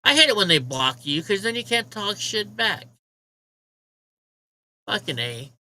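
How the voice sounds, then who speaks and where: Bright-voiced man ranting on a livestream. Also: high-pitched, big pitch swings, unhurried, a little hiss or hum, rough recording. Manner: profane, mocking, talks to the chat. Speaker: livestream host. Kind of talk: casual livestream rant.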